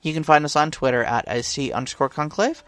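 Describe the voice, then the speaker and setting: A man's voice: a little high, brisk, fairly bright tone, no echo. A man co-hosting a tabletop gaming podcast in casual chat, rambling with many restarts and fillers. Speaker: podcast co-host.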